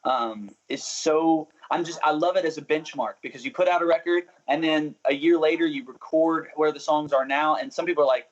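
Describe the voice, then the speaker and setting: A man's voice: fairly high pitch, normal speed, hardly any pauses, lo-fi sound. A young adult man talking as a musician guest in a casual interview, chatty and self-interrupting, often laughing.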